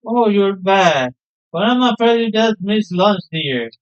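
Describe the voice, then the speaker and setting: A man's voice: high voice, animated, a little slow, clear, resonant tone, highs cut off. A man reading a fussing, fond mother. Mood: chiding. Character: fussing middle-aged mother, fond and exasperated. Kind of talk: reading game dialogue aloud.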